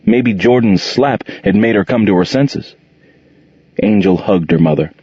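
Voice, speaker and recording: A male audiobook narrator with a low, husky voice that rises and falls a lot as he tells the story. He reads expressively and slips into character voices. The recording is dry, dull and muffled. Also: measured pace, dark tone, no echo.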